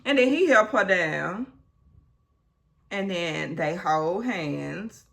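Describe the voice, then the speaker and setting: A woman's voice: on the low side, animated, slow, gravelly, a bit bright. A woman hosting a casual recap vlog, retelling a reality show scene with blunt asides and acting out the quotes.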